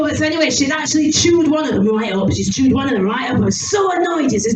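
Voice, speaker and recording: A woman comedian tells crude stories on stage, giggling as she goes. Her voice is high and swoops widely up and down. The sound is echoey and distant, with noise in the room. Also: a little fast, few pauses, dull audio. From Somerset, England. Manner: animated, giggly, crude storytelling. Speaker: stand-up comedian. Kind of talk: stand-up comedy set.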